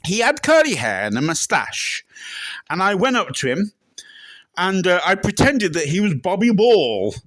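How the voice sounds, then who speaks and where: A man answering questions in a deadpan comic interview, breaking into loud shrieking impressions. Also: high-pitched, unhurried, no room sound, poor audio. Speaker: interviewee in a comedy sketch.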